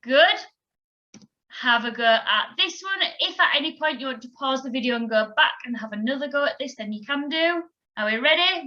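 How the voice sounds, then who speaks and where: A woman's voice: high voice, expressive, normal speed, pushed and bright. A woman teaching a children's music lesson on video, patient and encouraging as she counts the pupils in. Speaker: primary school music teacher. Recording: slightly dull lo-fi recording.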